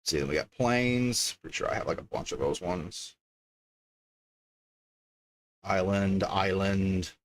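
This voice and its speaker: A man's voice: deep voice, lively intonation, slow pace, long pauses. A man casually chatting on a livestream as he opens card packs, reading card names aloud and easily delighted by the art. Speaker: streamer opening card packs.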